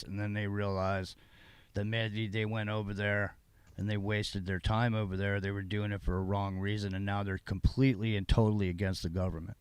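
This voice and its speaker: A man's voice: fairly low pitch, smooth, no echo. A man co-hosting a late-night political talk show, ranting and often restarting his sentences. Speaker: podcast co-host.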